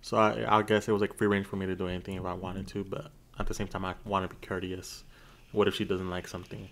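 A young man answers as a podcast guest. He speaks hesitantly, with plenty of fillers. His voice is somewhat low-pitched. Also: little pitch movement, quick pace, vocal fry, a bit bright, slight background noise. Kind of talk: casual chat.

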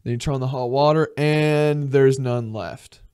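A man's voice: mid-range voice, steady tone, a little mellow, clear, resonant tone. Profane man ranting on a podcast. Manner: profane, exasperated ranting, acting out quick mock dialogues. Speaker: podcast host. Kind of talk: comedic solo rant.

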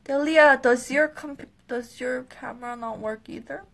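A young woman hosting a live skincare quiz stream, bubbly and excitable, with quick apologetic asides. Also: high voice, creaky. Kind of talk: casual live-stream chat.

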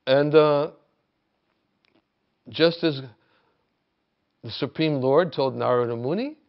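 Male spiritual teacher on a video call, gravelly and unhurried, halting delivery, muffled lo-fi audio. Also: fairly high pitch. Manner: halting, restarts often, grows emphatic when retelling. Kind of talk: reflective spoken talk.

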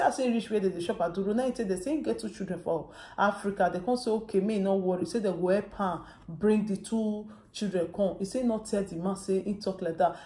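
Woman vlogger, Nigerian Pidgin accent, mellow tone, retells a story with quoted dialogue, roomy echo. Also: medium pitch. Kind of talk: casual storytelling.

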